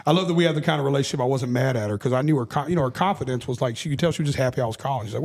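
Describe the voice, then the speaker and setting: A man's voice: medium pitch, very fast, darkish tone. Podcast guest: middle-aged man, open and profane storyteller. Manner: candid storytelling, swears freely. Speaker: guest musician. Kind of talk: casual podcast chat.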